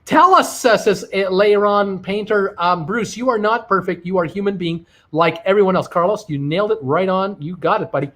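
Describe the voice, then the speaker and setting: A middle-aged man hosting a live stream, reading viewer comments aloud and answering them with quick asides. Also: high-pitched. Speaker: livestream host reading viewer chat. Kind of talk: casual live-stream chat.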